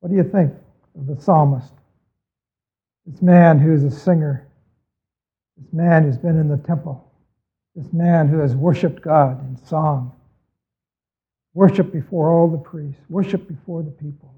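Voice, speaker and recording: A man with a slightly high, husky voice preaches a sermon in an earnest, measured way, stopping to put questions to his congregation. The recording is thin and tinny, like a phone line. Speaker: pastor.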